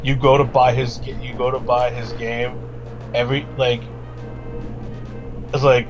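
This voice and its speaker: A man's voice: mid-range voice, flat delivery, unhurried, poor audio. A man co-hosting a gaming chat, chiming in with short reactions and casual swearing. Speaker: let's play co-host. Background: faint game music.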